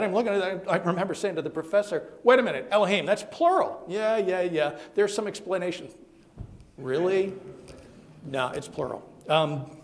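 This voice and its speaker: A minister giving a sermon in an animated, conversational storytelling manner, with plenty of fillers and restarts. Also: male voice, fairly high pitch.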